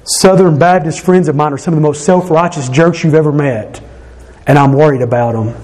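Speaking in a somewhat high, slightly mellow voice at a fairly quick pace, a male pastor gives an emphatic sermon with his voice a bit raised. He's earnest and conversational, frequently restarting and correcting himself.

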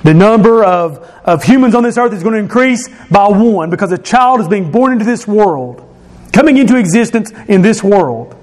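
A man preaching a sermon, explaining scripture verse by verse and repeating key phrases, slowing and dropping his voice for emphasis. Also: high-pitched, animated, a little mellow. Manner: slows and drops his voice for emphasis.

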